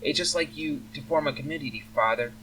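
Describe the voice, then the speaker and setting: A man voicing a frightened, haunted young female elf who speaks in a high, urgent, pleading voice. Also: brisk, sharp tone, a little hiss or hum. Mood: accusing. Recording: faint humming, slightly distant mic.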